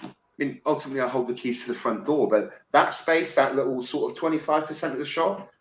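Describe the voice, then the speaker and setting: A man from England in casual podcast chat, excitable, swearing freely and stumbling over restarts. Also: medium pitch, fast. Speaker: podcast guest. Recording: roomy with faint noise.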